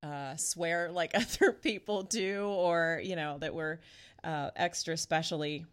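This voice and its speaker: A woman pastor co-hosting a podcast, telling a funny story in a casual, animated way and laughing often. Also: deep voice, measured pace, clean tone.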